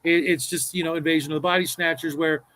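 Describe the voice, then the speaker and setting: Rambling high-voiced man, faint hiss. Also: steady tone, fast, bright, forceful tone, poor audio. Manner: rambling, restarts often. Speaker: podcast panelist. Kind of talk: casual chat about tabletop games.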